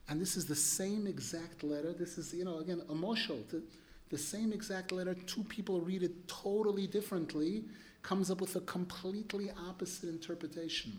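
A man as religious teacher giving an animated storytelling sermon, emphatic and clearing his throat now and then. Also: sits high, normal speed.

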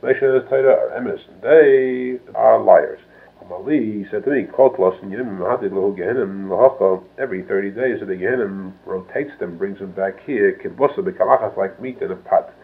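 A man's voice: deep voice, fast, few pauses. A man giving a traditional text lecture, reading a passage and then explaining it phrase by phrase. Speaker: religious teacher. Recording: narrow phone-like lo-fi sound.

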